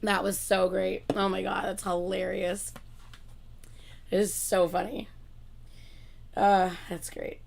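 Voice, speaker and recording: A woman hosting a casual livestream, chatting excitedly and laughing loudly between lines. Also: medium pitch, slow, creaky, long pauses, a little hiss or hum. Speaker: livestream host.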